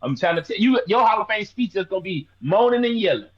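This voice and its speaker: Animated, swearing man in his thirties. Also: sits high, fast, lo-fi sound. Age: 30s. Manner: loud, animated, swearing banter. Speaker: podcast co-host. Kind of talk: casual sports chat.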